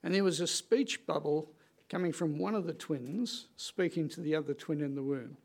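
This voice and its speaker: Gravelly-voiced male preacher. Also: fairly high pitch, darkish tone. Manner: earnest, conversational preaching with dramatic pauses. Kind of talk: sermon.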